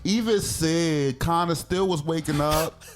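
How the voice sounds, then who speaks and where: A man's voice: on the high side, unhurried. A man co-hosting a casual music review podcast, talking in slang and quoting lyrics. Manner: animated, slangy, quotes lyrics. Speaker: podcast co-host.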